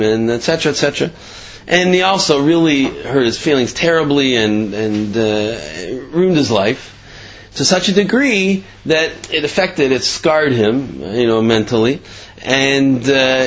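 A man's voice: mid-range voice, fairly bright tone. A man telling a moral story in a casual, rambling way, full of fillers and asides. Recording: slightly dull lo-fi sound.

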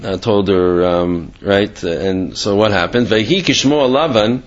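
A man's voice: fairly low pitch, measured pace, lo-fi sound. A man teaching a Torah class in a rambling, conversational way, full of fillers and restarts. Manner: rambling, conversational, with many fillers and Hebrew terms. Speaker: religious teacher.

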